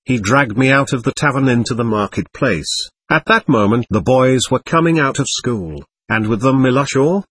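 A man voicing a shabby, bitter middle-aged captain who rambles with ironic self-abasement, husky-voiced. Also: mid-range voice, animated, normal speed, few pauses, fairly bright tone. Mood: bitter irony.

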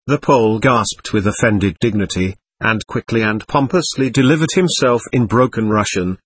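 Husky, expressive male audiobook narrator. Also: fairly low pitch, moderate pace, hardly any pauses. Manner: expressive storytelling.

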